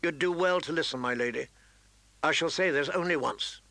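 A man reading aloud voices a stern, honorable nobleman who speaks quietly and dryly. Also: fairly high pitch, moderate pace, creaky. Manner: quiet, dry, grave.

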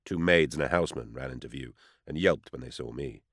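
A man with a very deep voice narrates an audiobook in the first person, measured and tense. The sound is dry and close, with no room around it. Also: a bit bright, no echo.

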